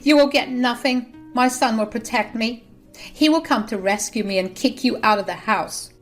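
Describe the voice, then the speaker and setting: A woman voicing an entitled, desperate mother-in-law who pleads from jail in a shrill, high-strung way. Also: normal speed, soft background music, close to an everyday voice. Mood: defiant.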